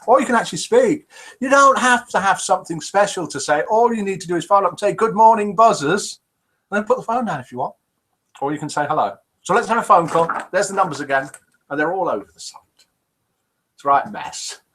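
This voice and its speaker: Chatty older British host, bright and husky. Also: male voice, high-pitched, expressive, fast talker, low-quality recording. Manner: chatty, jokey, reads chat messages aloud. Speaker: host of a live interactive show. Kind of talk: live-stream chat reading viewer comments.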